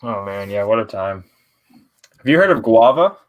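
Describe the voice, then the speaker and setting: Relaxed, low-voiced Canadian man. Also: moderate pace, phone-quality sound. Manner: laid-back, profane, laughs often. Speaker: podcast host. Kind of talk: casual chat.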